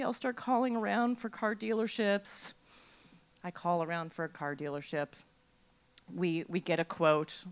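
A middle-aged woman telling a personal story on stage, animated and self-mocking. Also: lowish voice, clear, resonant tone. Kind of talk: live storytelling.

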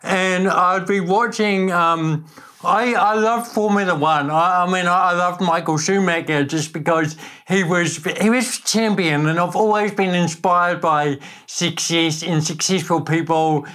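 A man's voice: sits high, measured pace, sharp tone. A man from New Zealand with a New Zealand accent and a slightly shaky voice, chatting upbeat as a podcast guest and laughing easily. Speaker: podcast guest, motivational speaker. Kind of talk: casual interview chat.

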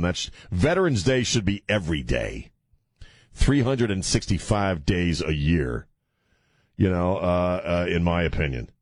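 A man's voice: sits low, darkish tone, no room sound. A man hosting a talk radio show, blunt and mocking, with a rambling delivery full of fillers. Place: radio studio. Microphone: studio microphone.

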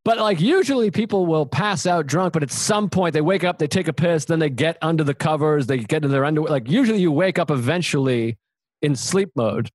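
Brief: male podcast host, fairly high voice, animated and profane storyteller, dry close recording. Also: fairly quick, dry recording. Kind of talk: casual chat.

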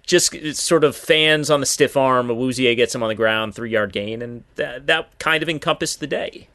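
A man co-hosting a sports podcast, chatting casually with many fillers and lively bursts of excitement. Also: medium pitch, normal speed. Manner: animated, hesitant with many fillers. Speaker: podcast co-host.

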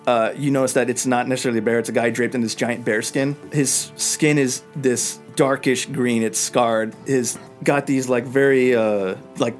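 A man narrating a tabletop game as game master, with many halting fillers. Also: medium pitch.

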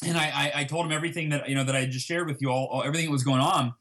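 Animated storytelling man. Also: a little high, very fast, hardly any pauses. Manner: animated, reenacts dialogue with emphasis. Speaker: guest. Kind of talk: storytelling in an interview.

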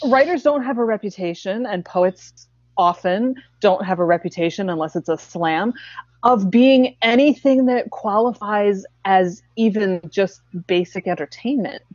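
A chatty woman hosting an interview, talking in an expressive way with many false starts and restarts. The recording is dull and lo-fi. Her voice sits close and dry, with no room sound. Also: medium pitch, unhurried, no room sound. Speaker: interviewer and writer. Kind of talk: casual conversational interview.

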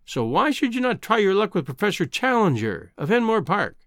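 A man's voice: sits high, very animated, a little fast, a bit bright, no echo, studio quality, voice pushed up. A man doing a kindly old Scottish editor. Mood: fussy, kindly. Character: kindly old balding male newspaper editor.

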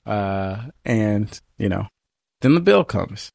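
Podcast co-host, man, casual storyteller, dry close mic, lively swings in pitch. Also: slow, gravelly, dry recording. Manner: animated, acts out both sides of a story.

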